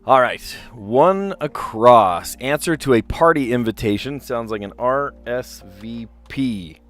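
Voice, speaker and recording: A man streaming himself solving word puzzles, chatting casually and thinking out loud as he reads clues. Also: medium pitch, lively intonation, a little slow, soft background music. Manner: chatty, rambling, reads clues aloud and muses over answers. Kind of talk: casual live-stream commentary, thinking aloud.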